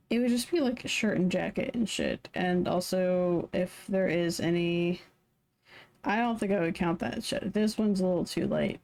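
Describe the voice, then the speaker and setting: A woman's voice: lowish voice, gravelly, darkish tone. A tired woman streaming live, mumbling to herself as she draws. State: tired, yawning. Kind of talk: casual live-stream commentary while drawing.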